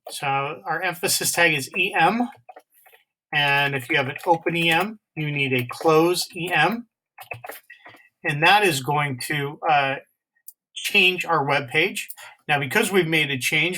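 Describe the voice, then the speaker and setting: A man walks a class through a coding lesson over a screen recording. His voice is bright and a little high, and he talks in a halting, stop-and-start way full of fillers. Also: poor audio. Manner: halting, many uh fillers, step by step. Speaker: teacher.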